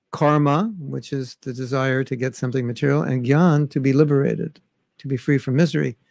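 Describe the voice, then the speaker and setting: A man's voice: medium pitch, a little mellow, no room sound. A man giving a spiritual class, talking conversationally and reciting verses in Bengali and Sanskrit. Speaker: spiritual teacher. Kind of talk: scripture class lecture. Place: recorded at home during travel restrictions.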